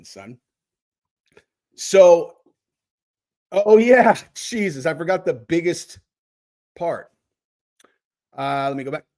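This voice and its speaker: A man's voice: high voice, a little mellow. A man hosting a casual livestream, rambling and swearing freely while joking with his chat. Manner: rambling, profane, jokey. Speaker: host.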